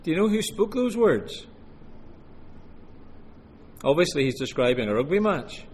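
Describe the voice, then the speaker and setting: Slow, measured man preaching in a hall. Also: on the high side, big pitch swings, a little hiss or hum. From Scotland. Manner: measured, earnest preaching with slow deliberate scripture reading. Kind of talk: sermon. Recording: long hall reverb, faint room ambience.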